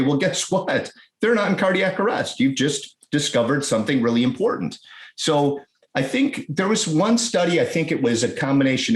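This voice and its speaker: Low-voiced man in a roomy echo. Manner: explanatory, fast bursts with restarts. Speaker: guest, EMS fire chief. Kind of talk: conversational podcast interview.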